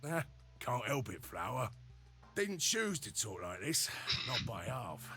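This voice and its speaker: A man's voice: mid-range voice, very animated, slow, bright, forceful tone, full character voice. An actor playing a cheery working-class male robot laborer, in folksy, slangy banter. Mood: grumbling. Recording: game audio over faint music.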